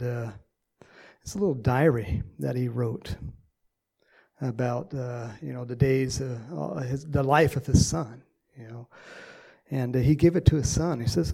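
Pastor guy preaching, gravelly voice, lots of uhs and pauses. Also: medium pitch, mellow. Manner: halting, many uh fillers, storytelling. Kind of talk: sermon.

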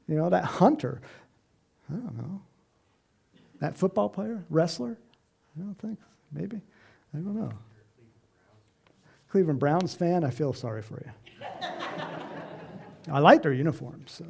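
A middle-aged man preaching an informal sermon, animated and chatty, acting out voices and chuckling as he speaks to the congregation. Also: high voice, unhurried, creaky, long pauses, slightly rough. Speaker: pastor.

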